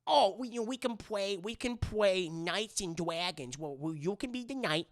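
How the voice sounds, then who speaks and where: A man voicing a dopey, clingy young male bear cub in a slow mumbling voice, done as an impression while retelling a movie. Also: high voice, expressive. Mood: coaxing.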